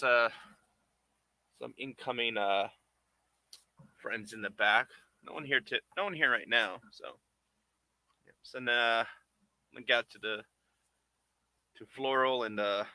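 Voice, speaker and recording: A man's voice: fairly low pitch, bright, forceful tone, no echo. A man making a puppet who chats casually and playfully with viewers, rambling and chuckling as he works. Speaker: puppet maker streaming live. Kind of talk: casual chat while working.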